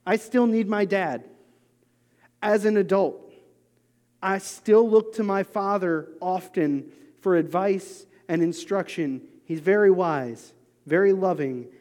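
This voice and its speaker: A man in his thirties preaching a sermon in an earnest, confessional way, moving between quiet asides and emphatic urging. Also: on the high side, in a large hall. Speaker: pastor.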